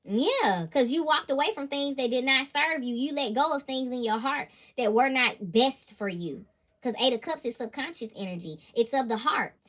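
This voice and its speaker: High, bright-voiced woman tarot reader. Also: normal speed. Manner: animated, emphatic and slangy, laughs often. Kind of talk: tarot reading monologue.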